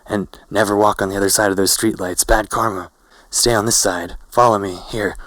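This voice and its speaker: A twitchy male street junkie hurries people along in urgent bursts, as a man reads him out. The voice is deep and flat. The sound is dry and close. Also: takes it slowly, no echo. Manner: urgent, hustling.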